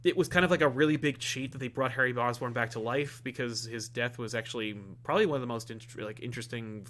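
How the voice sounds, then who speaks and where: A man's voice: medium pitch, fast, a bit bright, slight background noise. Rambling man chatting about comics. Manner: rambling, many fillers and restarts. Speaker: comic review podcast co-host. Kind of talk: casual chat.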